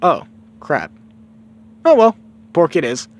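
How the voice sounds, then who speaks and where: A man's voice: fairly high pitch, huge pitch swings, slow pace, voice pushed up, heavily acted. A man voicing a cowardly, perverted male shapeshifting pig with a jittery, defensive manner. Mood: nervous.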